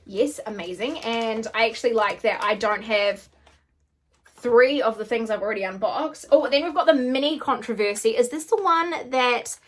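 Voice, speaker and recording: A woman beauty vlogger in an excited unboxing chat, gushing and often gasping and squealing. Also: fairly high pitch, normal speed.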